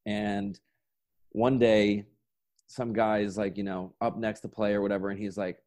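A man's voice: fairly low pitch, level tone, moderate pace, darkish tone. A young man in his twenties, a sketch comedian guest, telling stories in a loose, rambling way with lots of "like" and swearing. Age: 20s. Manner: laid-back, rambling, peppered with "like" and swearing. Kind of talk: casual storytelling chat.

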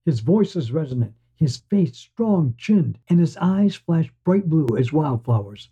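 A man narrating a first-person story for a podcast in a measured, wistful way. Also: a little high, expressive, mellow, breathy edge. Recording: dull lo-fi sound.

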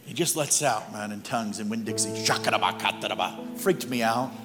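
A man's voice: medium pitch, a little fast. A man preaching as a guest speaker, telling humorous personal stories in a conversational way in church. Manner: humorous, anecdotal, conversational delivery. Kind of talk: storytelling sermon. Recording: long hall reverb with music behind.

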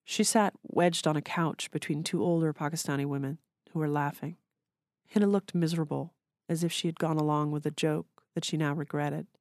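A woman author reading her own short story aloud in a measured, literary way. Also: low voice, fairly even intonation, a little mellow, no echo.

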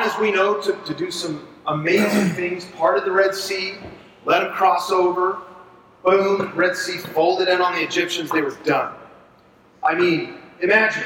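A man leading a Bible study for ministry leaders, talking in an animated, conversational way and asking the group to agree. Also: sits high, slight background noise. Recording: echoey room, far from mic.

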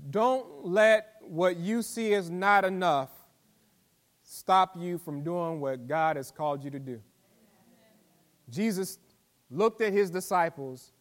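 A man preaching a sermon as pastor, folksy and emphatic, with asides to the congregation that build to forceful emphasis. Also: high-pitched, slow pace, pauses often. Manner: preaching with call-and-response asides and rising emphatic delivery; folksy vernacular speech.

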